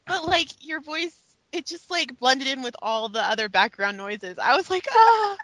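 A woman's voice: high-pitched, lively intonation, moderate pace, bright, forceful tone, no room sound, rough recording. A woman on a podcast, chatting casually in a teasing, giggly way. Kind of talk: casual chat.

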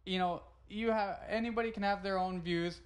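A man's voice: high voice, fairly even intonation, normal speed, slight background noise. A man hosting a comedy podcast, chatting casually and hedging his points. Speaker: podcast host.

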